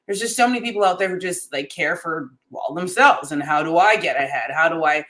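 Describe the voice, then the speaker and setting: A woman with a somewhat low voice speaks over a video call. She pours out warm, effusive praise in a casual, heartfelt way. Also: lively intonation, a little fast. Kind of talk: casual livestream chat.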